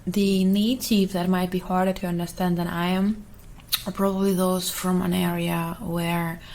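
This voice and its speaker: A woman whose first language is Russian, chatting in a soft ASMR voice, giggling often and rambling, sometimes whispering. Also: fairly low pitch, flat delivery, normal speed, slight background noise, rough recording. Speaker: ASMR creator. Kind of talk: soft-spoken ASMR chat.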